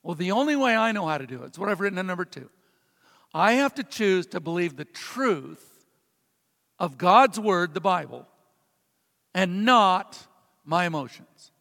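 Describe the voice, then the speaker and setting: A male pastor with a notably high voice delivers a sermon. He tells his story with flair, rising to loud punches and dropping to near-hushed lines. His voice rings out through the long reverb of a big church hall. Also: very animated, normal speed, gravelly, long pauses. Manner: dramatic storytelling, swings between loud emphasis and hushed tones.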